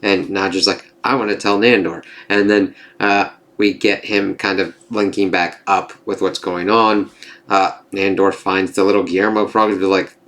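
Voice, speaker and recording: Male reviewer, lowish voice, casual and excitable, swears freely, filler-heavy. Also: moderate pace. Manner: excitable, profane, lots of "kind of" and "like". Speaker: TV episode reviewer. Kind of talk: casual spoiler recap and review.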